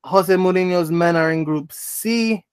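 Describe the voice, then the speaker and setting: Give me a brisk, dryly teasing man hosting a casual sports podcast. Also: high-pitched, smooth. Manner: brisk, lists teams rapidly with dry teasing. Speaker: podcast host.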